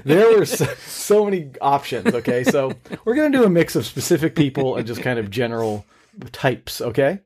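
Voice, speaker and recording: A man's voice: medium pitch, normal speed. A man co-hosting a podcast, chatting casually and telling stories with laughter. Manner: animated storyteller, laughs often. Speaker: podcast co-host. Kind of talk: casual chat.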